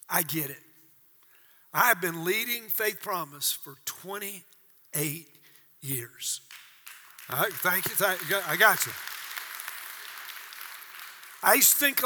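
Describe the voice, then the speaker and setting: Older male pastor, 60s, high bright husky voice, dramatic sermon delivery, long church-hall reverb. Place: church auditorium.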